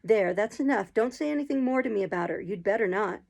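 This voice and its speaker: A woman voicing a quiet, mistreated orphan boy in a storybook reading, speaking low and then sharp. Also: animated, fast talker, creaky. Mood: subdued.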